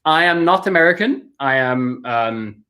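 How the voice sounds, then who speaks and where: A man's voice: mid-range voice, animated, bright, forceful tone. Chatty, hesitant man hosting a live Q&A. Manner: chatty, hesitant, with many pauses and fillers. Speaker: livestream host answering questions. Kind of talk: casual live Q&A chat.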